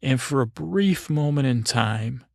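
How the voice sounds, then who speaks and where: A man with a gravelly, mid-pitched voice tells a wandering bedtime story in a dry, close recording. He stops and restarts often, fills gaps with ums and likes, and pokes wry fun at himself. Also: lively intonation, darkish tone, no echo. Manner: halting and meandering, with many fillers and restarts; wry and self-deprecating.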